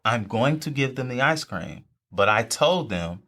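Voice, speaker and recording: A man's voice: mid-range voice, expressive, unhurried, a bit bright. A young man, talking faith casually and repeating phrases for emphasis. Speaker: podcast co-host. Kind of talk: faith talk among friends.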